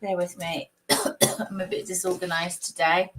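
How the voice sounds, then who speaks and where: Croaky chatty woman host. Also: on the low side, little pitch movement, moderate pace, very noisy. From United Kingdom. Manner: chatty, greets viewers by name, laughs often. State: croaky with a cold coming. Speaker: psychic live-stream host. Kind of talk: casual live-stream chat.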